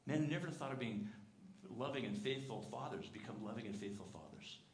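A man's voice: medium pitch, lively intonation, fairly quick, slight background noise. A male pastor preaching a sermon in a church, earnest and conversational, asking the congregation questions and sometimes stumbling over repeated words. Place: church sanctuary. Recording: echoey church sanctuary.

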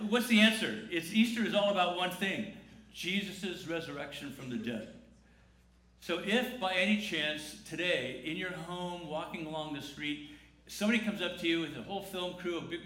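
A pastor preaches an Easter sermon in a large church, chatting and joking while pulling the congregation into call-and-response. His voice is fairly high, bright, and forceful. The room is echoey, with faint noise.

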